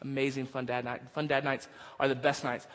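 A man's voice: mid-range voice, level tone, fairly quick, a bit bright. A male pastor preaching a sermon, moving from casual storytelling into emphatic preaching. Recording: long hall reverb.

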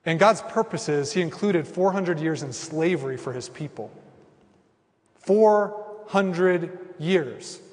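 A man in his thirties, a pastor preaching a sermon in an animated, conversational way with acted asides. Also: a little high. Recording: reverberant hall.

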